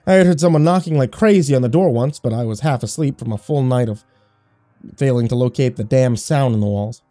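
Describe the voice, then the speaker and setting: A man's voice: medium pitch, fairly quick, warm tone, no echo, faint music behind. A man giving scripted horror story narration in a wry, sarcastic first-person tone.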